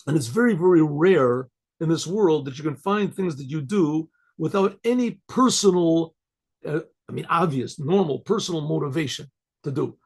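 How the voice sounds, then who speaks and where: Gravelly older man telling a story. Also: a little high, animated, a little slow. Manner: rambling, repeats himself, clears his throat often. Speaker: rabbi.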